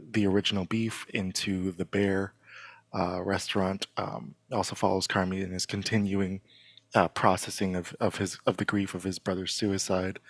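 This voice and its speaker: A man's voice: sits low, dry recording. A man hosting a casual podcast chat, talking with enthusiasm and lots of fillers and restarts. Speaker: podcast host.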